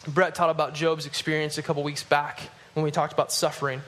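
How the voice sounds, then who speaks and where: Preaching quickly to his congregation, this pastor turns animated and louder whenever he drives a point home. He goes low and quiet for the scripture readings in his sermon.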